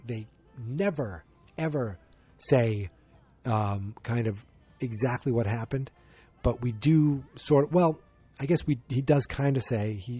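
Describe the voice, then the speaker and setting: This man's fairly low voice is warm with a breathy edge. Hosting a podcast, he gives a casual, rambling monologue about a movie's plot, regularly correcting himself and acting out what the characters say.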